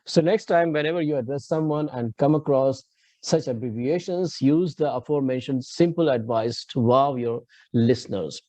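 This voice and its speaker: A man's voice: medium pitch, warm tone, no room sound. A man with an Indian English accent teaching pronunciation in a live online class, explaining step by step and checking in with his students. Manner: explains slowly with frequent restarts, checks understanding with students.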